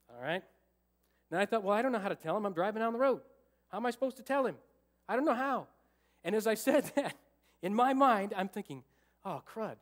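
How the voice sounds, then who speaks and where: A man with a bright, high-pitched voice delivers a sermon as pastor. He tells a story with lively energy, acting out what went through his head and joking with the congregation. He is preaching in a church sanctuary. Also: normal speed, long pauses. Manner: animated, acts out his own thoughts and jokes with the congregation.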